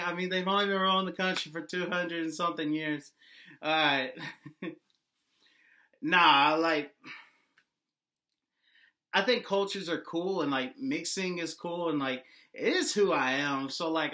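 With a sharp tone and a slightly high voice, this young man delivers a loose monologue to the camera. It's a joking, rambling vlog, heavy on "like" and sprinkled with "y'all."

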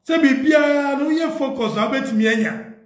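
A man's voice: extremely high pitch, normal speed. A man with a Ghanaian accent making an earnest, pleading appeal to party leaders, mixing in English. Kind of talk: impassioned appeal, Twi mixed with English. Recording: echoey room.

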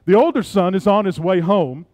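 A middle-aged male pastor preaching a sermon, swinging between soft, low passages and loud, emphatic ones. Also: moderate pace, no room sound.

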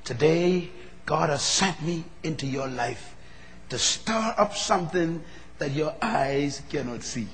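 A man preaching a sermon, moving from low, measured talk to loud, fervent preaching. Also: expressive. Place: large hall. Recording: long reverb of a large hall.

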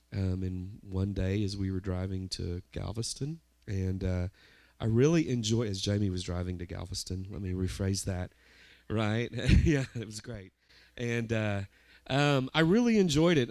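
A man's voice: lowish voice, a little mellow, dry recording. A man, the church's pastor, introducing a guest speaker in a chatty, informal way.

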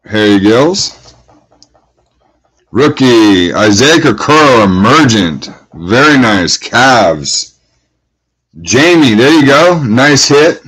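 A man's voice: medium pitch, big pitch swings, slow, pauses often, fairly bright tone, breathy edge, poor audio. A man hosting a trading card break, calling out each card and greeting viewers, getting hyped at big pulls. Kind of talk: live card-breaking commentary.

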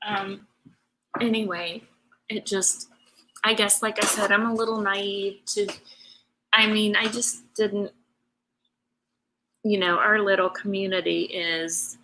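A woman's voice: medium pitch, steady tone, slow, long pauses, bright, forceful tone, slight background noise, rough recording. A woman hosting a craft show, chatting casually and emotionally to her live viewers, rambling in a heartfelt way. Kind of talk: casual live-stream chat.

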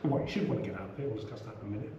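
A middle-aged man leading a relaxed scripture class, chatty, with many asides and repeated "you know"s. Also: fairly low pitch, very fast, dull audio. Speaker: scripture teacher. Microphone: small action camera. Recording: roomy room, faint background hum.

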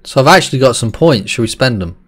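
Man, live game streamer, excitable, swears a lot, talks to viewers. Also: mid-range voice, quick pace. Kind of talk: live gameplay commentary.

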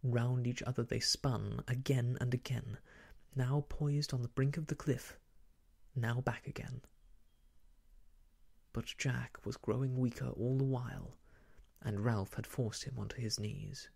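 Slow, gravelly man softly half-whispering a story. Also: mid-range voice, fairly even intonation. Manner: hushed, half-whispered reading. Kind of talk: soft ASMR narration of an old novel.

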